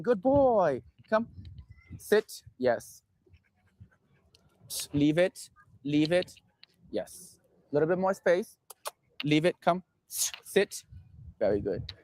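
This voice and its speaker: A man with a slightly raised pitch talks calmly as a dog trainer, mixing explanations with clipped commands to a dog. His voice sounds close and dry, with no room around it. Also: no room sound. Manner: calm, instructive, gives short commands to a dog.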